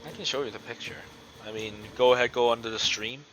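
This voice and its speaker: A man's voice: medium pitch, fairly even intonation, fast talker, a bit bright, slight background noise, poor audio. A man narrating as game master of a tabletop game over voice chat, describing scenes with many fillers and restarts. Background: game soundtrack music.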